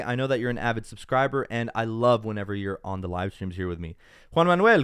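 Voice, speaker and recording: A man's voice: medium pitch, smooth, no echo. Young male live-stream host, unwell but upbeat, casual chat, dry close sound. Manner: chatty, upbeat, mixes in Spanish. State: feeling unwell. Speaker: tech YouTuber hosting a live stream.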